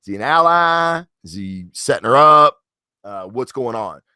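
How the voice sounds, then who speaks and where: Dude reviewing comics, swears a lot, keeps restarting sentences, dead dry sound. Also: male voice, mid-range voice, lively intonation, a little slow, sharp tone, clean tone, dry recording. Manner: rambling, profane, enthusiastic, many restarts. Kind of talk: casual comic book review.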